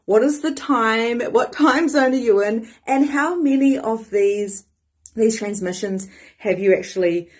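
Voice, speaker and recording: A woman, a life coach giving a lively live-streamed motivational talk. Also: on the high side, a little slow. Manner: animated and excitable, swears casually.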